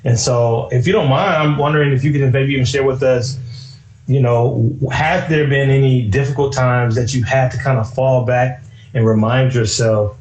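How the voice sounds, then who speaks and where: A man's voice: mid-range voice, moderate pace, echoey room, lo-fi sound. Easygoing talkative male host. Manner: relaxed, talkative, lots of "you know" and "man". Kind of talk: casual live-stream interview.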